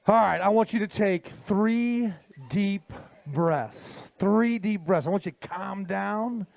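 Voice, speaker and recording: A man with a very high, bright-toned voice calls a live fishing weigh-in into a handheld mic on an outdoor stage. He pumps up the crowd and drags out the big numbers in shouts. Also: vocal fry. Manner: hype announcer, drawn-out shouted totals. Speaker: tournament weigh-in emcee.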